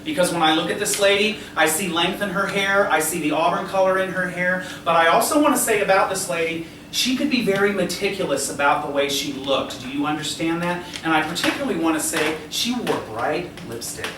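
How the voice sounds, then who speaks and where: A man's voice: high voice, brisk, hardly any pauses. A man working as a psychic medium, giving a live demonstration to a seated audience in a restaurant and constantly checking in with the listener, laughing lightly as he goes. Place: restaurant dining room before a seated audience. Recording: roomy, distant camera audio with background noise.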